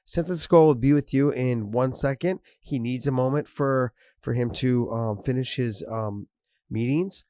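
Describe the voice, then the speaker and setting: A middle-aged man on a podcast, laughing as he retells an awkward story in a mid-pitched voice. He sounds amused and a little incredulous. The sound is dry and close to the mic. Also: moderate pace, mellow, dry recording. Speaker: podcast co-host. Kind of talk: casual podcast banter.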